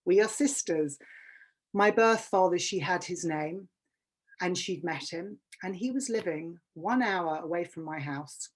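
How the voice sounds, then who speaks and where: With a fairly low voice and a measured delivery, a woman in her fifties from England addresses a workshop. Her talk is personal, frank, and emotional, and she repeats words to underline them.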